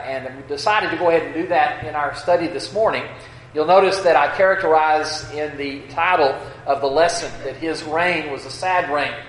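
A man's voice: fairly high pitch, a bit bright, slight background noise. A man with a West Texas accent preaching a sermon, folksy and hesitant, with many fillers and restarts. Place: church sanctuary. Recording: echoey church room.

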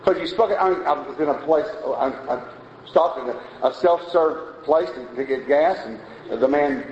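A man's voice: on the high side, unhurried, darkish tone. Man, preacher, folksy conversational sermon, echoey room, faint hiss. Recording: roomy, dull lo-fi sound with faint noise.

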